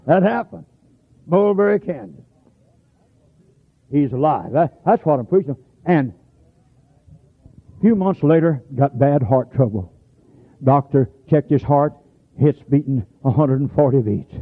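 Folksy preacher on a tinny old radio recording. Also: male voice, a little high, lively intonation, a little slow, pauses often. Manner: folksy storytelling, bursts into shouts. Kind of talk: sermon.

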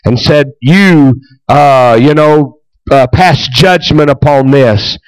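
Folksy preacher, dry sound. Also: male voice, medium pitch, slow, smooth, no echo, low-quality recording. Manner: folksy, retells scripture in plain speech. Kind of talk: sermon.

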